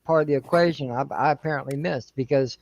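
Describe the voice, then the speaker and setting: Man, fairly high voice, casual chat, hesitant, repeats words, swears. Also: fast, vocal fry, dry recording. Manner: hesitant, repeats himself, swears when teased. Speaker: podcast panelist.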